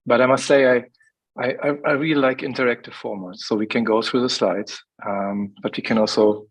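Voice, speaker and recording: A man's voice: mid-range voice, fairly even intonation, fairly quick, slightly rough, low-quality recording. A man giving a conversational presentation as a guest on a video call, often repeating words as he starts a thought.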